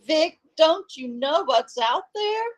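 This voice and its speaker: Frantic, high-pitched pleading woman, terrified, voiced by a woman reading an audiobook. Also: expressive, slow.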